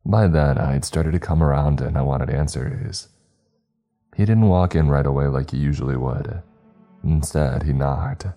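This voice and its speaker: A man narrates a first-person horror story in a measured, confessional way. His voice is extremely deep and dark in tone. Faint music runs beneath the narration.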